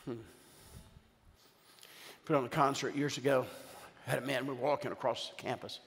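An older man, a bishop, preaching a sermon with animated storytelling and call-outs to the congregation. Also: mid-range voice, moderate pace. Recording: long hall reverb.

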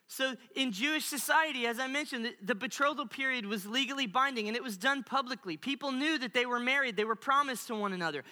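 A male pastor preaching a sermon with animated storytelling and playful asides. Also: very high voice, quick pace, hardly any pauses. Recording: long reverb of a large hall.

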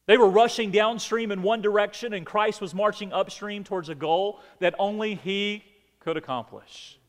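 High-voiced preacher in a reverberant hall. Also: male voice, normal speed. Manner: preaching with rising emphatic outbursts and dramatic drops. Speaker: pastor. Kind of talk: sermon. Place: church sanctuary.

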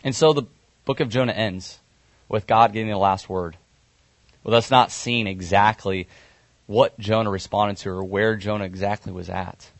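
Low-voiced preacher retelling a story. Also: male voice, fairly even intonation, normal speed, dry recording. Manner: conversational storytelling with fillers. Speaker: pastor. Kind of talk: sermon.

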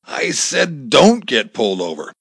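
A man's voice: medium pitch, huge pitch swings, a little slow, vocal fry, a bit bright, breathy edge, no room sound, clean studio sound, exaggerated voice. A man voicing a menacing, sarcastic male kidnapper who taunts his victim over the phone, in a storybook reading. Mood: taunting. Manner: taunting, mocking, cruel.

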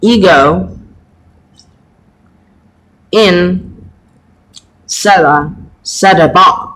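A man teaching a Latin lesson, speaking haltingly with many pauses and fillers. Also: high voice, sharp tone, rough recording. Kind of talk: slow home-made lesson.

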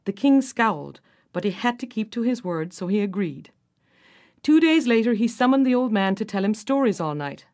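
A woman narrates a folktale in a storybook reading. Her voice sits at a middle pitch and turns expressive as she brings the characters to life. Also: normal speed.

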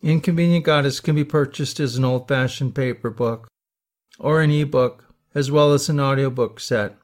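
A man's voice: mid-range voice, steady tone, normal speed. A man reading a short closing announcement for his audiobook in a plain, direct way. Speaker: author promoting his books.

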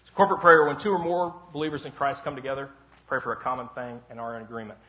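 A man pastor preaching a casual sermon in a church sanctuary, telling rambling self-deprecating stories that break into loud shouts. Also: mid-range voice, steady tone, fast. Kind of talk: conversational sermon.

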